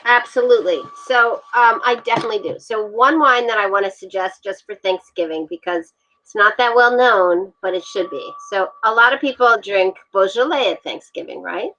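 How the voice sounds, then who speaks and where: A woman guest on a video call talking about wine with a relaxed, enthusiastic manner and frequent fillers. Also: mid-range voice, moderate pace, poor audio. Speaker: guest, wine communications expert. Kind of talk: casual interview over video call.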